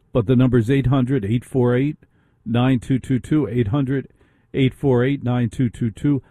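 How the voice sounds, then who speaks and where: A man's voice: mid-range voice, mellow, no room sound. A middle-aged man hosting a talk radio show, ranting with indignant rhetorical questions. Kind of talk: opinionated talk radio monologue.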